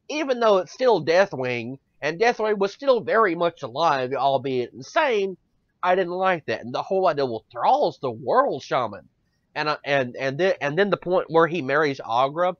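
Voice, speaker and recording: A man's voice: on the high side, a bit bright, no echo. A man hosting a podcast who rants sarcastically and with exasperation. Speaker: podcast host. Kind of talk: ranting podcast commentary. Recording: dull dry lo-fi recording.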